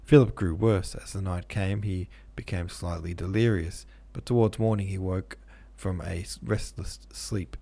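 A man reads a classic novel aloud as a podcast host. His voice is low and gravelly with frequent fry. The delivery stays steady and measured. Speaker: podcast host and audiobook narrator. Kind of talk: scripted narration of a classic novel.

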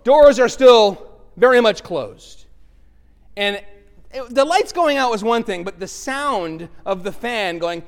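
A middle-aged male pastor preaching a sermon, telling a personal story in a lively way and acting out the voices. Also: very high voice, slow pace. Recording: long reverb from a large hall.

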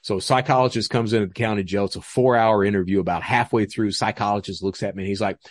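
A man's voice: fairly low pitch, fairly even intonation, quick pace, no echo. A man guest telling his story in a casual, profane, laughing way. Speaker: interview guest.

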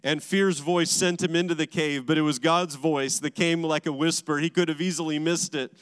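A man's voice: on the high side, steady tone, normal speed, clean tone. Male pastor preaching in a reverberant hall. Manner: preaching in emphatic repeated phrases. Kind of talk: sermon. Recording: large hall with long reverb.

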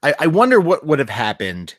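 A man's voice: on the high side, wildly swooping pitch, fairly quick, fairly bright tone, dry recording, clean studio sound. A man co-hosting a podcast, talking casually and indignantly, with lots of restarts and swearing. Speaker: podcast co-host.

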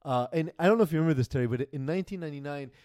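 A man's voice: on the high side, very fast, darkish tone, no room sound. A man recounting stories in an easygoing sports conversation. He stumbles into sentences with repeated words, then carries on steadily. The recording is dry and close-miked. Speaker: co-host. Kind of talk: casual sports chat.

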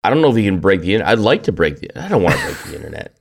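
A man's voice: low voice, sing-song, rapid-fire, gravelly, husky. A man co-hosting a podcast in casual chat, with a groggy morning voice, teasing and rambling through wry jokes. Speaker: podcast co-host.

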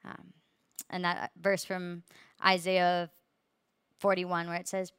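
A woman's voice: fairly low pitch, completely flat delivery, slow pace, a bit bright, clean tone, dry recording, clean studio sound. A young woman earnestly sharing her personal faith testimony with a group, with many fillers. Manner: earnest, many fillers, laughs through hard parts.

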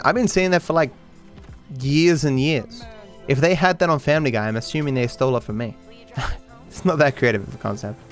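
Taking questions from viewers on his stream, a medium-pitched Australian man meanders casually through his answers. He restarts often and cracks deadpan jokes along the way.

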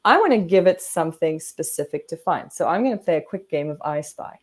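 A woman guest therapist explaining coping techniques in an animated way, acting out what her body and brain say. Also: deep voice, fairly quick, slightly rough. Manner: animated, demonstrates breathing and acts out inner voices.

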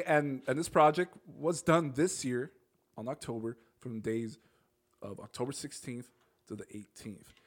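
A man co-hosting a laid-back podcast, reading from his notes with casual swearing and plenty of restarts. He trails off and picks the thread back up, laughing easily along the way. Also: mid-range voice. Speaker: podcast co-host.

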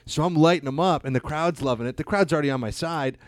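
A male comedian spins profane stories in loose podcast chat, bouncing into the voices of everyone involved. His voice sits a little high, and the recording is close and dry with no room around it. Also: fast talker, no room sound. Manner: animated, profane, acts out voices in anecdotes. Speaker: stand-up comedian guest. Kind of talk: casual podcast storytelling.

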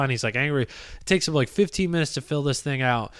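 A young man in his twenties recounts a story on his podcast in a loose, rambling way, full of fillers and asides. His voice is smooth and clear at a middle pitch, recorded close with a dry, dead sound. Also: brisk, a bit bright, no room sound. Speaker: podcast host and comedian. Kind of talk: casual storytelling monologue.

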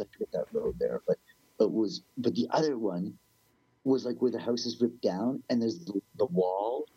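A man with a low, husky voice spins a rambling, animated story, swearing freely and acting out the people in it. The sound is dry and dull, like a lo-fi recording. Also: no room sound. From Canada. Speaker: musician guest. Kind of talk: casual storytelling interview.

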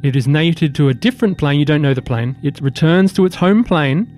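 A man with a slightly high voice narrates as game master. He delivers rulings in a calm, matter-of-fact way with a dry wit, and faint music plays behind him. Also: a little fast.

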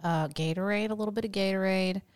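A woman's voice: medium pitch, fairly even intonation, quick pace, clear, resonant tone, no echo, clean studio sound. A middle-aged woman co-hosting a podcast, chatting loosely and laughing often. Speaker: podcast co-host. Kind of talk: casual chat.

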